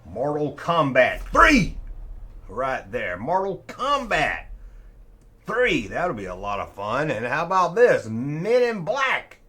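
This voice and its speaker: A man's voice: medium pitch, a bit bright, breathy edge. A man hosting a casual review, talking with snarky grumbling and casual swearing. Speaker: host reviewing old toys. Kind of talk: casual sarcastic commentary.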